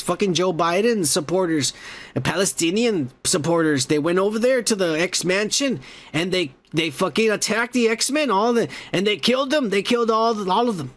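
Podcast host, male, fairly high voice, loose, swearing, rambling recap delivery. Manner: profane, rambling, excitable. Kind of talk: casual movie recap.

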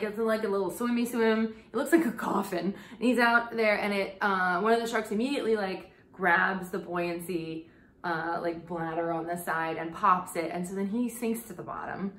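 A young adult woman talks through a casual comedic recap in a chatty, sarcastic way, with the odd swear word. Her voice sits at an ordinary middle pitch. The recording carries a noticeable room echo. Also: fairly bright tone. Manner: chatty and sarcastic, swearing, with bursts of laughter and mock quotes. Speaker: podcast host recapping a TV show.

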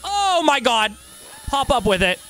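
Excitable, lively man streaming a game. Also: very high-pitched, unhurried, slight background noise. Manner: excitable, profane, reacting and thanking followers. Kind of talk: live gaming commentary.

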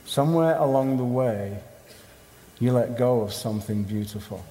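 A man preaches at a conference in a medium-pitched, warm voice at normal speed, using punchy, rhythmic phrases with emphasis. The recording carries long hall reverb and a little hiss or hum.

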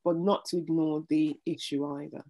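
Earnest woman, lowish voice. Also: normal speed. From United Kingdom. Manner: earnest, animated when retelling. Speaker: interview guest, pastor and former nurse. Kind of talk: reflective conversation.

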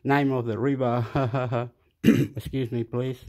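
A man's voice: mid-range voice, level tone, slow, darkish tone. A man holding a phone and rambling in a casual monologue, losing his train of thought and repeating phrases. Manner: scattered, self-interrupting, repeats phrases. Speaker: vlogger reacting to news. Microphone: phone held in hand.

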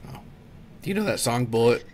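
Excitable guy who says "dude" a lot. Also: medium pitch, fairly quick, a little hiss or hum. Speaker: podcast co-host. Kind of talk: casual chat.

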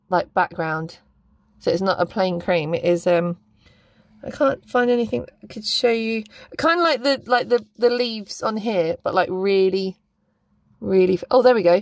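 A woman chatting casually through an unboxing, excitable and gushing, gasping and squealing over each item. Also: mid-range voice, no echo. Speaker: planner unboxing vlogger.

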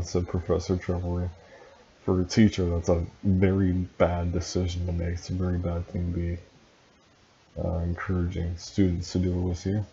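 A man's voice: sits low, normal speed, dull audio, slight background noise. A man reading a story aloud for laughs, breaking in with dry, sarcastic asides. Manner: deadpan, dryly mocking. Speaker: reader and commentator.

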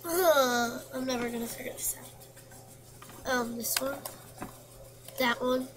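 In a noisy home recording, a gameplay commentator works through a computer quiz game, voicing the questions and answers and muttering to herself. She speaks slowly in a high-pitched, fairly bright voice.

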